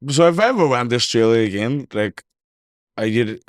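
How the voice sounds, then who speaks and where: Lively Northern Irish podcast host. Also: male voice, mid-range voice, brisk, no echo, studio quality. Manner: animated, swearing banter. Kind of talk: casual podcast chat.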